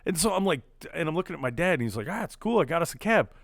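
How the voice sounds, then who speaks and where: A man's voice: on the high side, sing-song, very fast, creaky, no room sound, studio quality. A young man, hosting a podcast and telling a rowdy story in casual chat, swearing often and switching into voices for the people he quotes. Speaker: podcast host.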